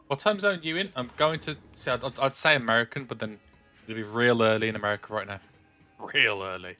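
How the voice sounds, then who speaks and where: Talking fast in a sharp, medium-pitched voice, a young English-accented man from the Black Country streams a game from his home room. Soft music plays underneath as he rambles chattily, frequently restarting and padding with filler.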